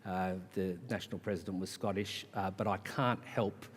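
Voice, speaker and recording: A man's voice: sits low, fairly even intonation, normal speed, breathy edge. Man, conference speech, impassioned rhetorical build, wry asides, long hall reverb. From Australia. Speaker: charity CEO, conference speaker.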